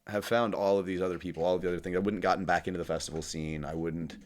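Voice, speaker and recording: A young man who is a podcast guest, talking in a rambling, animated way with lots of fillers. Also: low voice, racing, a little hiss or hum. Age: young adult. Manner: rambling, heavy use of fillers, animated storyteller. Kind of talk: casual interview chat.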